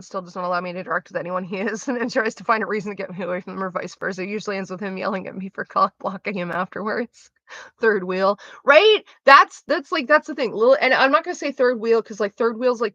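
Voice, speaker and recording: A woman's voice: mid-range voice, sharp tone, no echo. A young woman streaming and reading her chat, rambling, swearing freely and trailing off mid-sentence. The sound is a little dull and lo-fi. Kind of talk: casual chat with a live audience. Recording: slightly dull lo-fi mic.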